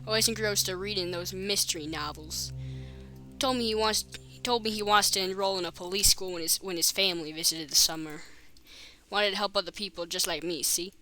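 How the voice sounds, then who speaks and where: A woman's voice: mid-range voice, brisk, pushed and bright, soft background music, natural voice. A woman voicing a suspicious male policeman with a put-on Boston accent, prying and folksy. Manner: prying, folksy, overly familiar. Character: gruff suspicious male small-town policeman.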